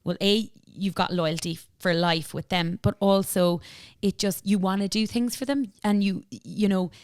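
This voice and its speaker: A woman with an Irish accent, a business founder talking in a casual interview, chatty and animated, full of fillers and retold dialogue. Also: mid-range voice, normal speed, clear, resonant tone, no room sound, clean studio sound. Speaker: entrepreneur guest.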